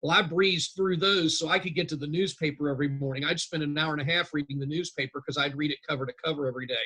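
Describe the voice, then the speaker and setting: Bright-voiced storyteller man. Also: on the high side, fast talker, breathy edge. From North Carolina, US. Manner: lively storyteller, animated and chatty. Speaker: guest, real estate instructor. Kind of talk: casual interview storytelling.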